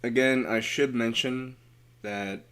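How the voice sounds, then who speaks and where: A man's voice: mid-range voice, fairly even intonation, takes it slowly, fairly bright tone, clear, resonant tone. A tired man casually commenting while he streams a game, rambling in mumbled asides to himself.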